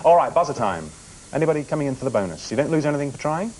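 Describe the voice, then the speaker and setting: A man's voice: fairly high pitch, very animated, racing, darkish tone, slight background noise, rough recording. A man hosting a TV quiz show in a studio, bantering and teasing the contestants between questions. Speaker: game show host.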